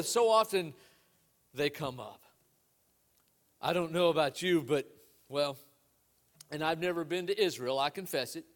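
A man's voice: on the high side, fairly bright tone. A man preaching a sermon as pastor in a conversational way, asking rhetorical questions and restarting his phrases.

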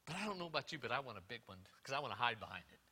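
A man preaching a sermon as pastor, moving from loud emphatic peaks to quiet asides, telling folksy stories with repeated words. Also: medium pitch, sing-song, very fast, breathy edge.

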